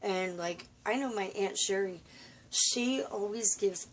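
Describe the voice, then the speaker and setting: A tired woman rambling in a personal vlog from a room at home, halting and confiding, full of fillers and restarts. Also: medium pitch, a little hiss or hum. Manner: weary, confiding. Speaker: vlogger.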